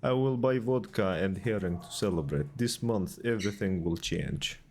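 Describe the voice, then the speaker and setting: A man's voice: deep voice, normal speed, darkish tone, a little hiss or hum. A man voicing a cheerful, hungover Russian man with a jolly, exaggerated Russian accent. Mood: gleeful.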